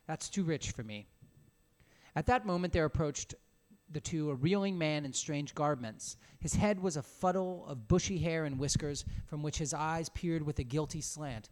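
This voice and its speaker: A man reading a story aloud, lively. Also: on the high side, normal speed. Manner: expressive reading with casual, swearing asides. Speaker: reader. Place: small room alone.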